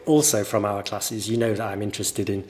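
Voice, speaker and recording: A man with a mild northern English accent, a teacher giving a relaxed guest interview and telling stories thoughtfully at length. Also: fairly low pitch, fairly quick, slight background noise. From northern England. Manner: thoughtful, anecdotal, explains at length.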